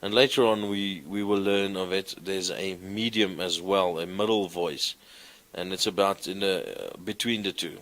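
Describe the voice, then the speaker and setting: A man teaching a class, explaining grammar slowly and reciting verb forms in a sing-song way. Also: deep voice, steady tone, a bit bright. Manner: slow, deliberate, recites conjugations in a sing-song. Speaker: lecturer. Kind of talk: classroom lecture.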